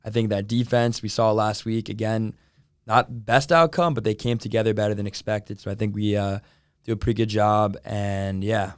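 A young man appearing as a guest sports analyst on a casual talk show, measured and hedging his views with "I think" and "you know". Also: on the low side, steady tone, clear, resonant tone, no echo, clean studio sound.

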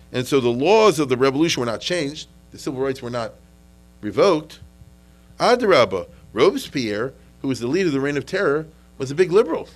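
A man's voice: a little high, low-quality recording. A man giving an informal history lecture in a conversational way, often checking that listeners follow and repeating words as he restarts. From United States. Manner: conversational, checks in with "okay?" and "you understand?"; frequent restarts and repetitions.

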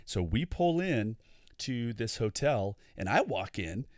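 A man co-hosting a ministry podcast, telling stories in an animated way with preacherly asides. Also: medium pitch, slow, no echo, clean studio sound. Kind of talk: storytelling podcast chat.

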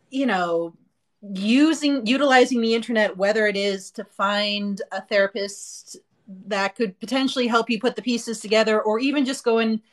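A woman in a relaxed podcast conversation, talking at a middle pitch. She speaks bluntly and candidly, often stopping to restart her sentences and filling gaps with um and you know. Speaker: podcast co-host. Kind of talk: casual podcast chat.

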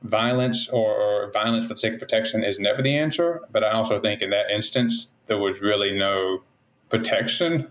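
A man in his thirties with a fairly low voice, speaking in a measured, thoughtful way. He talks through his views in a casual podcast chat. His voice carries a roomy echo. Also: fairly bright tone. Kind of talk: casual discussion.

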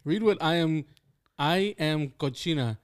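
A man's voice: a little high, lively intonation, unhurried. Teasing podcast co-host, a man. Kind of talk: casual chat.

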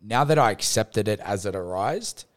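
A young man with a fairly low voice chats on a podcast. He tells stories animatedly and casually, with plenty of swearing. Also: normal speed. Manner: animated storyteller, swears freely. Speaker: podcast co-host. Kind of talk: casual chat.

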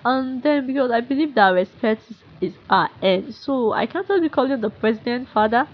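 A young woman with a Nigerian accent, speaking in a frustrated, halting monologue full of restarts and sighs. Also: fairly high pitch, lively intonation, dull audio. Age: young adult. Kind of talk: emotional unscripted monologue.

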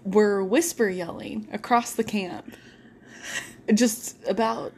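A young woman telling animated, laughing stories in a casual podcast chat. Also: mid-range voice, takes it slowly, vocal fry, a little hiss or hum. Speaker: podcast co-host.

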